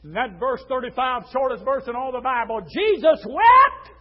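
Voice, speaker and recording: A man preaching a sermon, swinging from hushed storytelling to fiery shouts and stretching out his words. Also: extremely high pitch, brisk, muffled recording. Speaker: pastor.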